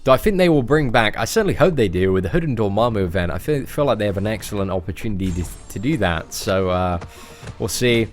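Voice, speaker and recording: A man's voice: fairly low pitch, lively intonation, fast, soft background music. A man in his twenties with a fairly posh English accent, chatting casually as he answers viewer questions on a live stream. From England. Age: 20s.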